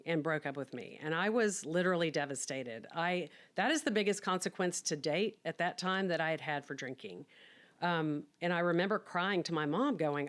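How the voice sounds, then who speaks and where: A woman's voice: deep voice, moderate pace. A middle-aged woman frankly telling her personal story in a chatty, candid way, acting out bits of dialogue. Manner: frank and chatty, acts out quoted dialogue with laughs. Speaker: podcast guest telling her life story.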